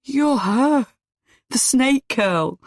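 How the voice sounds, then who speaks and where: A woman's voice: high-pitched, animated, extremely slow, no echo, studio quality, voice pushed up, full character voice. A woman voicing a drunk, slurring middle-aged man in a pub. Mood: drunk, loud. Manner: slurred, loud and swaying.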